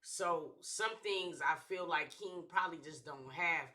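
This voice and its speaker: A man's voice: a little high, measured pace, pushed and bright. A man hosting a reaction channel, giving casual slangy commentary and often checking in with "you feel me".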